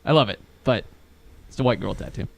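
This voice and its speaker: A man's voice: a little fast, creaky. A man in his twenties co-hosting a casual podcast, telling stories with lots of swearing and acting out his friend's panicked lines. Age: 20s. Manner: animated storyteller, swearing, acts out others' lines in a squeaky voice. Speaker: podcast co-host. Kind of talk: casual chat.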